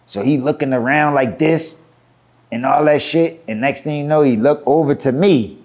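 A man with a fairly high voice spins a street story as an interview guest. He slips into the voices of the people in it and swears casually as he goes. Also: normal speed, darkish tone. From Philadelphia. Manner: acts out quoted voices, laughing and cursing as he tells it. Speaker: rapper guest. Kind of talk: animated storytelling.

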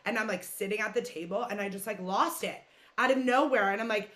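Woman, podcast host, casual chat, rambling and frank, bright forceful voice. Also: medium pitch, fairly quick. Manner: chatty, rambling and frank, with frequent swearing.

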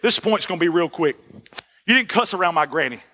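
A man preaching a sermon as the pastor, folksy and animated, repeating "listen" and asking for "amen". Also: a little high, a little fast.

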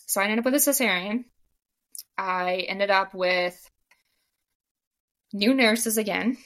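A young woman telling her own story in a casual podcast interview, animated, acting out the dialogue and saying "like" a lot. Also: medium pitch, slow. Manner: animated, acts out quoted dialogue, frequent "like". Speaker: podcast guest.

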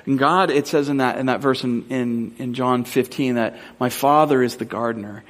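A male pastor from Southern California delivers a sermon with a voice pitched neither high nor low. He tells stories in a relaxed, rambling way, full of fillers. When he asks his questions, he slows down and becomes earnest.

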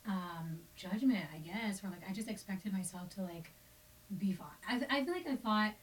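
A soft-spoken woman interviewer sharing her own grief reflectively, often dropping to a near whisper. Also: mid-range voice, expressive, moderate pace. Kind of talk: reflective conversation about grief. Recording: distant mic with faint hiss.

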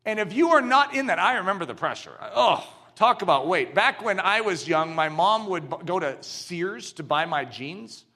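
Man, sermon, high voice, lively swooping pitch, emphatic. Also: moderate pace, few pauses. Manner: animated storytelling, builds to emphatic shouts. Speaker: pastor.

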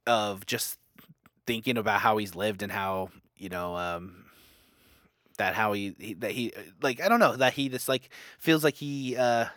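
A man's voice: lowish voice, unhurried, a bit bright, dry recording, clean studio sound. A young man in casual book talk, rambling with many fillers and restarts. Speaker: book discussion co-host.

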